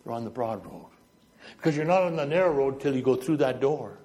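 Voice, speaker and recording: Animated storytelling preacher from New Brunswick. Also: male voice, medium pitch, fairly quick. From New Brunswick, Canada. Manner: storytelling, illustrating with gestures, walking back and forth. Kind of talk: sermon.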